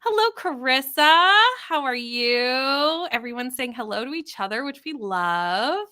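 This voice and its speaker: A Canadian woman hosts a casual live stream, greeting viewers one by one and reading their comments aloud. Her voice sits high and sounds bright and clear. She keeps the talk light and conversational. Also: expressive, unhurried. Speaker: livestream host.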